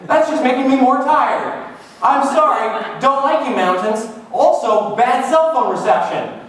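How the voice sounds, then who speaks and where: A man in his twenties from Canada riffs in a wry, self-mocking monologue, his high voice bouncing all over. He sits well back from the mic, and the room rings with echo. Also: expressive, unhurried, a bit bright, slight background noise. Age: 20s. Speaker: vlogger. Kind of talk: casual comic monologue. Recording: echoey room, far from the mic.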